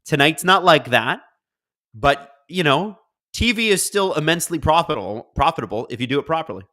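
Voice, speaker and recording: A man's voice: a little high, animated, brisk, pushed and bright. A man hosting a casual live stream, reading viewer comments aloud and riffing on them in a chatty way. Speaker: livestream host.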